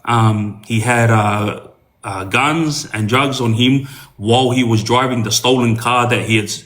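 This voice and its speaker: A man's voice: medium pitch, measured pace, a bit bright. Man telling a rambling story. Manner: rambling, with many hesitations and restarts; earnest, speaks straight to younger listeners. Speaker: podcast guest telling a story. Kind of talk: casual storytelling to camera.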